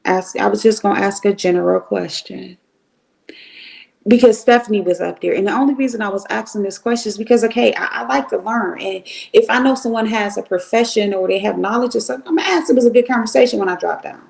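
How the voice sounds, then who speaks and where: A woman's voice: mid-range voice, fast, creaky, darkish tone. A middle-aged woman from Cleveland, ranting bluntly and profanely on a casual livestream. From Cleveland, Ohio. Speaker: livestream host.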